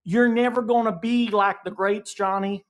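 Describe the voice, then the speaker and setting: Taunting high-voiced male caller. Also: fairly even intonation. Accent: some accent. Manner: slow, taunting, keeps saying the other's name. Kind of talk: heated political debate.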